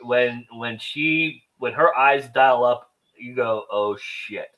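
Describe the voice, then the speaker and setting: A man's voice: mid-range voice, takes it slowly, fairly bright tone, rough recording. A man co-hosting a podcast, playful and laughing easily, stumbling over his words as he talks films. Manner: playful, laughs often, stammers. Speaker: podcast co-host. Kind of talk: casual film review chat.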